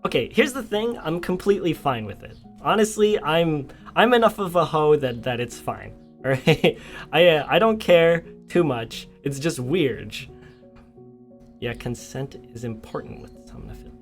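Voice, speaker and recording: A man's voice: fairly high pitch, lively intonation, unhurried, faint music behind. A young man chatting casually on a livestream, telling a story with frequent laughter and reacting to chat. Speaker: streamer.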